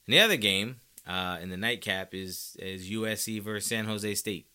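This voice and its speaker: A man's voice: on the low side, normal speed, bright, forceful tone, clean tone. A man hosting a sports podcast, giving emphatic, opinionated commentary straight to his listeners.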